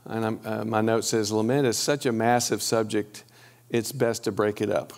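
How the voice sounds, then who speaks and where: Man teaching in church, gravelly voice. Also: on the low side, level tone. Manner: conversational, pauses with fillers and restarts.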